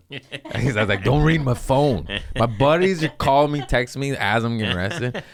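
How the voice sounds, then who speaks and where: A young man telling a wild story in casual podcast chat, swearing freely and jumping into high voices when he quotes people. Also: a little fast, crowd noise. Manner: animated, acts out quotes with sudden pitch jumps, swears freely.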